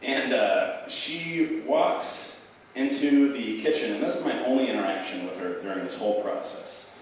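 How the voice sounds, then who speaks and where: A man's voice: fairly low pitch, moderate pace, a little hiss or hum. A young man telling a rambling, profane stand-up story at a bar open mic, packed with fillers. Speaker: stand-up comic. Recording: echoey bar room heard from far off.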